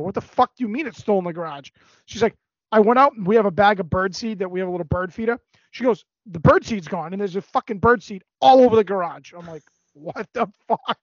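A high-voiced man tells a rambling story with plenty of swearing and energy. His voice sits dry and close in a dull, lo-fi recording. It sounds like casual podcast chat. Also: dry recording. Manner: animated, profane storytelling. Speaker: podcast co-host.

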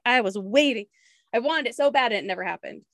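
A woman's voice: fairly high pitch, lively intonation, fast talker, fairly bright tone, no echo, clean studio sound. A young woman from Washington state hosting a casual chat, blunt and outspoken, laughing often. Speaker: podcast host.

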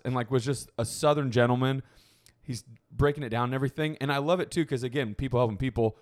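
A man casually telling a travel story in a chat, animated and wry. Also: mid-range voice, fast. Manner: animated storyteller, acts out people in quotes.

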